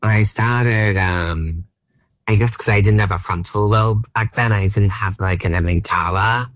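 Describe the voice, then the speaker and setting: A man's voice: lowish voice, unhurried, fairly bright tone, no echo. A man in his thirties with an Australian accent, a stand-up comedian chatting as a guest, rambling and self-deprecating with plenty of "like". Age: 30s. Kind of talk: casual interview chat.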